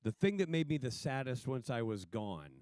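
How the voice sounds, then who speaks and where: A man's voice: mid-range voice, sing-song, moderate pace, a little mellow, clean tone, no room sound. A man on a panel talking in an earnest, reflective way. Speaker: actor on a panel. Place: stage at a symposium.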